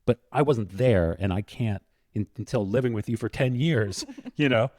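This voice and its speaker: A man co-hosts a podcast, laying out his argument thoughtfully and step by step. His voice sits very low, dark and mellow. The sound is dry and close to the mic. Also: moderate pace, dry recording. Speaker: podcast co-host. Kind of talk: conversational podcast talk.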